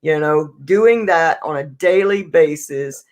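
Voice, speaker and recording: A man with a slightly high voice speaks slowly and reflectively while hosting a podcast. In this casual chat, he shares a personal story.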